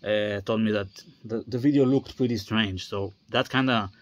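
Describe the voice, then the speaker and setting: A man's voice: lowish voice, steady tone, normal speed, dull audio. A man in his thirties, tired, talking in a rambling casual vlog, wandering off topic with many fillers and restarts. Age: 30s. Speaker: vlogger.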